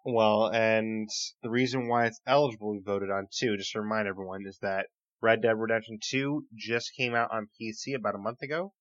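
A man's voice: lowish voice, steady tone, a little fast, fairly bright tone, no echo, dull audio. A man hosting a casual gaming podcast, steering the panel and calling on each guest in turn. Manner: steers the discussion, calls on panelists. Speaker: podcast host.

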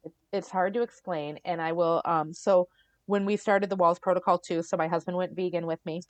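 A middle-aged woman guest on a podcast, telling her story in a casual, animated way, often acting out what others said and laughing. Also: lowish voice, fairly quick, no echo.

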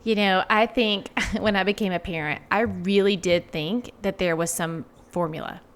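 A woman's voice: medium pitch, fairly even intonation, normal speed. A woman in her forties, a guest author, talking reflectively in a casual interview with many filler words.

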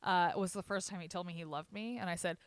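A woman's voice: fairly low pitch, fast, smooth, no echo. A young woman hosting a podcast, talking candidly and rambling, laughing often. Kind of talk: casual chat.

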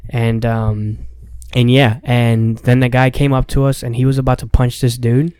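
Young male comic, smooth clear voice, dry close sound, rambling casual storyteller. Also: medium pitch, little pitch movement, normal speed, darkish tone, no room sound. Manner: loose, rambling storyteller who acts out quotes. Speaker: stand-up comic.

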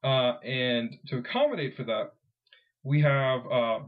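A man co-hosting a podcast, talking at a middling pitch. He rambles and keeps cutting himself off, laughing as he goes. The sound is a bit dull and lo-fi. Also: expressive, measured pace. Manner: rambling, self-interrupting, laughs often. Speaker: podcast co-host. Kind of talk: casual podcast chat.

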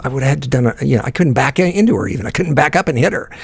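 A man with a gravelly, fry-laden voice tells a rambling story in casual chat. He swears freely and trips over his own restarts. The sound is dry and close, with no room echo. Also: mid-range voice, animated, rapid-fire. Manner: profane, rambling, many restarts. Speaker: podcast co-host telling a story.

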